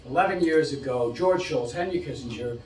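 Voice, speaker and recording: A man's voice: medium pitch, a little fast, far from the mic. Middle-aged man lecturing in an echoey room. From United States. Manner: animated, rhetorical questions, repeats phrases. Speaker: policy expert giving a talk. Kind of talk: lecture to an audience.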